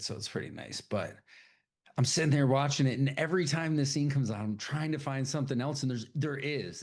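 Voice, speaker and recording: A man's voice: medium pitch, a little mellow. A man co-hosting a podcast, casually recapping a film scene by scene in a loose, profane storytelling way. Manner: loose, profane storytelling that slips into quick impressions of characters. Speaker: podcast co-host.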